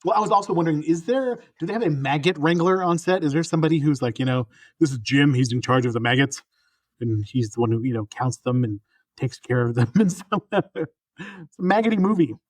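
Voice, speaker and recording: A man's voice: mid-range voice, fast talker, dry recording, studio quality. A middle-aged man from New Mexico, co-hosting a casual movie podcast, rambling and laughing often as he trails off and restarts. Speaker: podcast co-host. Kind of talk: casual chat.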